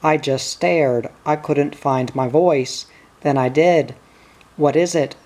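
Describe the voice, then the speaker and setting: A reader voicing a worried middle-aged country wife, telling her troubles slowly. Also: medium pitch, a little mellow, lightly acted. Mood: troubled.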